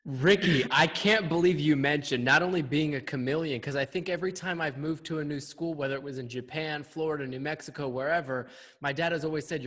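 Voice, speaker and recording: A man's voice: fairly high pitch, brisk, few pauses, fairly bright tone. A man in his twenties hosting a podcast, asking enthusiastic, leading questions in a casual chat. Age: 20s. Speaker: podcast host. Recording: long reverb.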